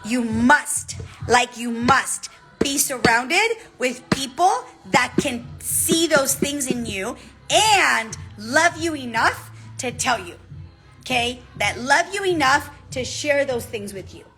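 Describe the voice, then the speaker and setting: Woman coach, high bright voice, direct and animated, keeps saying okay?. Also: slow, faint music behind, poor audio. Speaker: business coach. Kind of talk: motivational talk to a group.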